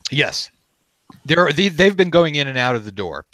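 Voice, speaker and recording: A man's voice: on the high side, sing-song, normal speed, fairly bright tone, no echo. A man narrating as game master, describing scenes in a loose, conversational way.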